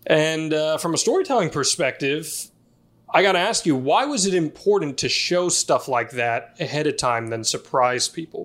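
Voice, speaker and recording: A man's voice: on the high side, animated, moderate pace, fairly bright tone. A man hosting a podcast interview, asking questions and narrating the scenes being watched.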